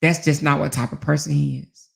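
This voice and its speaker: A woman in her forties spins a personal story in a relaxed chat. Her voice has a gravelly edge. She acts out what was said and swears freely. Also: deep voice, a little fast. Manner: animated, acts out dialogue, swears. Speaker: host. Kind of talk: casual storytelling monologue.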